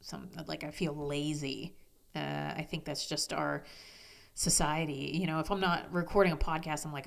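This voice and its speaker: A woman hosting a personal podcast, talking candidly with frank, self-deprecating humor, casual swearing and soft asides. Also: deep voice, normal speed, creaky. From United States. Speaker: podcast host.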